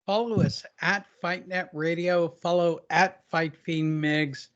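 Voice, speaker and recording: A man reading a podcast sign-off, slow and thankful toward listeners. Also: a little high, steady tone, a bit bright. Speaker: podcast host reading outro. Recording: dull lo-fi audio.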